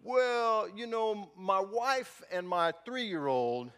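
A man voicing a frantic husband loudly rambling excuses to a cop. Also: sits high, takes it slowly, clean tone, pitched above the performer's own voice, heavily acted. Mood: flustered. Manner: loud, excited, rambling excuses. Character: frantic man caught in a family quarrel. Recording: long church reverb.

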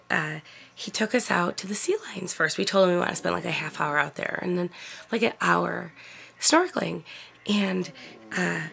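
A middle-aged woman chatting casually about a trip, using lots of fillers and laughing often, with a gravelly, husky voice. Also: fairly low pitch, fairly bright tone. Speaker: vlogger. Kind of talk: casual storytelling.

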